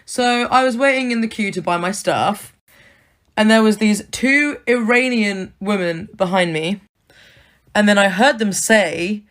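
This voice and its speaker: A woman telling a story to the camera, excitable and expressive. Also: fairly high pitch, a little slow.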